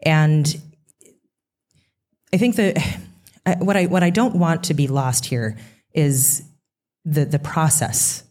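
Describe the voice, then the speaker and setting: A woman's voice: sits low, takes it slowly, long pauses, darkish tone. A woman co-hosting a true crime podcast, talking casually with rambling restarts and sarcastic asides. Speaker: podcast co-host.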